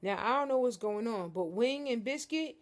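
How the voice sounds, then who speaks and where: A woman's voice: a little high, expressive, moderate pace. A young woman vlogging casually from her living room couch, joking and talking straight to her viewers. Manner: joking, playful, addresses viewers as y'all. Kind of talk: casual chat to camera.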